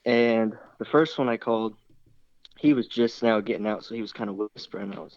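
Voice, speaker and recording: A man's voice: fairly low pitch, brisk, darkish tone, dry recording. A young man telling a story casually in an interview, rambling along with many restarts and fillers. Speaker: interview guest, hunter. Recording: slightly dull, dry recording.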